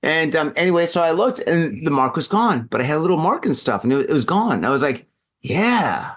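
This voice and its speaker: A man's voice: fairly high pitch, lively intonation, fast talker, a bit bright. A man hosting a podcast, drunk and telling a rambling, profane story in casual chat. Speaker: podcast host. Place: in Japan.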